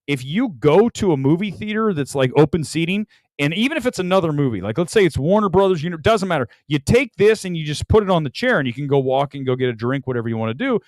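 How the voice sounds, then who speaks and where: A man's voice: on the high side, sing-song, quick pace, no room sound, studio quality. A man hosting a casual movie talk livestream, rambling animatedly and laughing often. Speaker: host.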